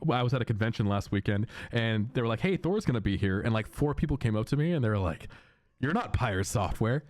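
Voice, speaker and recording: A man streaming to his viewers in a loose, rambling chat, often repeating himself and breaking into loud, high, excited laughter.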